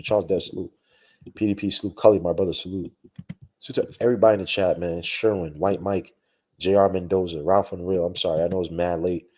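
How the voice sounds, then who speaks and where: A young man hosting a live post-game basketball podcast, talking in an animated, slangy, ranting way with lots of asides. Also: sits low. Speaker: podcast host.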